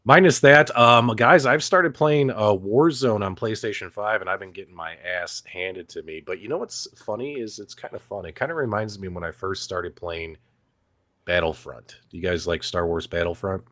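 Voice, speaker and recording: Low-voiced man chatting casually on a dry mic. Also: moderate pace, no room sound. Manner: relaxed and rambling, with animated quoted voices. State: recovering from being sick. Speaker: co-host. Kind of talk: casual live-stream chat. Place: Arizona.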